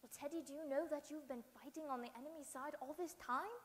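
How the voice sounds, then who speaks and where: Woman putting on a calm old parson guy, low and soft, echoey hall. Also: lightly acted. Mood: gentle. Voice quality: soft, lowered and measured. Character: kindly old male parson, calm and gentle. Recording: reverberant hall.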